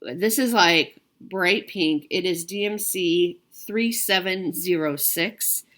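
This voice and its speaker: A woman with a slightly low voice chats casually to her viewers, trailing off and circling back as she goes. She fills her sentences with ums and restarts. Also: slow pace, a bit bright. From United States. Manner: chatty, filler-heavy, frequent restarts. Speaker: cross-stitch video host.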